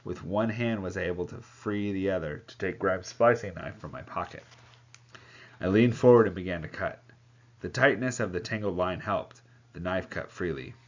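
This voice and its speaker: A man's voice: deep voice, normal speed. A man reading a novel aloud, voicing the characters and breaking off now and then to comment. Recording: dull lo-fi sound.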